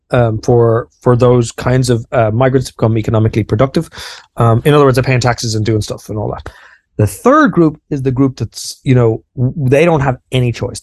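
A man's voice: medium pitch, a little mellow, dry recording. Irish man explaining in dry, close sound. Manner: informal and self-deprecating, explaining with lots of restarts. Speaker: podcast co-host. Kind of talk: casual podcast chat.

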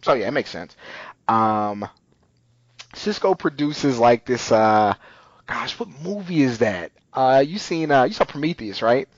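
A man's voice: mid-range voice, expressive, unhurried, no room sound. Male podcast co-host, rambling casual recap, dry and a bit muffled. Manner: rambling, many ums and restarts. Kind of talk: casual chat recapping a TV episode.

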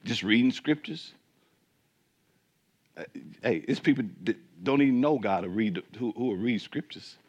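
A man preaching a sermon as pastor, swinging between emphatic peaks and quiet asides and asking the congregation questions. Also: medium pitch, expressive, moderate pace, long pauses, lo-fi sound.

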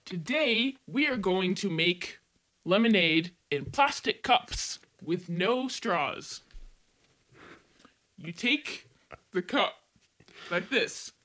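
Brief: male actor as bickering, clumsy TV chef; high, whiny, teasing. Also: animated, extremely slow, pauses often, pushed and bright, heavily acted. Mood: playful. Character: Rosario, bickering clumsy male TV cooking host. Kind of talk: comedy sketch acting.

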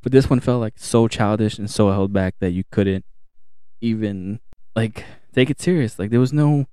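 A man's voice: on the low side, normal speed, warm tone, smooth, no echo, clean studio sound. A man co-hosting a podcast in casual chat, ranting animatedly and swearing freely. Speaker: podcast co-host. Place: home podcast setup.

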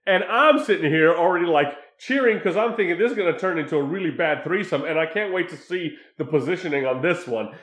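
A man casually recapping a film scene by scene, crude and animated, mimicking the characters' lines as he goes. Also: on the high side, quick pace, hardly any pauses, echoey room. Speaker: podcast co-host recapping a film. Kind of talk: casual chat.

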